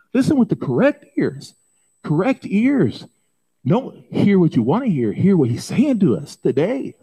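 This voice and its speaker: A man preaching a sermon, telling the story dramatically and breaking into folksy asides, swinging from loud urgency to a hush. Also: high voice.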